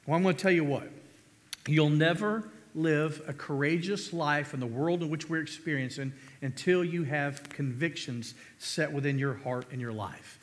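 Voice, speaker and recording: A man's voice: fairly high pitch, a little fast, fairly bright tone. A man pastor preaching a sermon, emphatic, asking the congregation questions and calling for amens. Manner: emphatic preaching, rhetorical questions, calls of amen. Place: church sanctuary. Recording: long reverb of a church hall.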